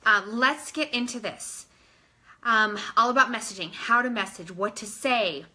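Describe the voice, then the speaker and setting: A woman's voice: fairly high pitch, unhurried, pushed and bright. A woman coaching her team in a casual instructional talk, chatty and informal, often saying "like" and calling listeners "you guys".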